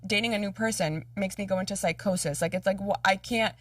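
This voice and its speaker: A woman's voice: mid-range voice, fast talker, fairly bright tone, no echo, clean studio sound, far from the mic. A woman podcast host chatting casually, self-deprecating and full of likes.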